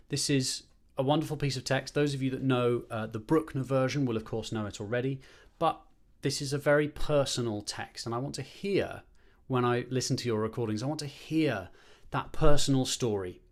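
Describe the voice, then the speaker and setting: A male choir conductor leads an online rehearsal and warm-up streamed to a screen. His voice sits at a medium pitch and moves at a normal speed, and his coaching is encouraging and upbeat, with counted breathing.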